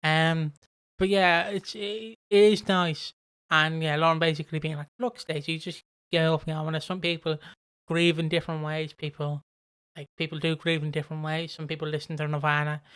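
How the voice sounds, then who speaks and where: Podcast co-host, smooth clear voice, mid pitch, rambling anecdotal chat with casual swearing. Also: flat delivery, moderate pace, fairly bright tone. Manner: rambling storyteller, swears freely.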